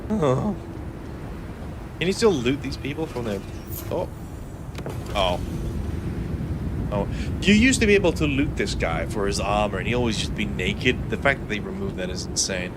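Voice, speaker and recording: A young man from Sweden talking in a put-on British accent, crude and self-mocking as he streams a game. His voice sits low for a man. Loud game noise carries clearly behind him. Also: expressive, moderate pace, pauses often. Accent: British English, adopted. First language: Swedish. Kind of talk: casual gameplay commentary. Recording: voice over noisy game audio.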